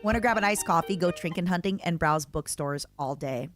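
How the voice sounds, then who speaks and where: A woman streamer chatting casually and reacting to clips, excitable and playful, squealing over cute things. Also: lowish voice, brisk, faint music behind.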